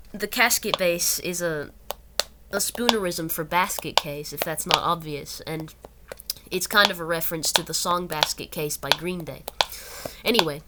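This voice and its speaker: A young woman reading an article aloud and breaking off into rambling, self-correcting asides. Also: mid-range voice. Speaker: channel host. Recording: loud background noise.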